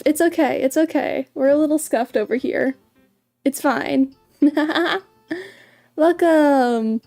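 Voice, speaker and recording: Bubbly high-voiced woman streamer. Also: expressive, takes it slowly, creaky, warm tone, faint music behind. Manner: bubbly and giggly, stumbles and repeats words. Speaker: VTuber streamer. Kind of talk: casual livestream chat.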